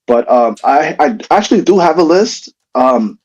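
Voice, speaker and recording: A man speaking on a podcast panel, hesitant and filling pauses with ums. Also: on the high side, sing-song, darkish tone, lo-fi sound. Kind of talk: casual panel podcast chat.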